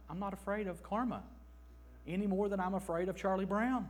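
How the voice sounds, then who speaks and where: A man in his thirties preaching an emphatic, animated sermon in a church, slipping into mock voices. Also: sits high, a little fast. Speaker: pastor.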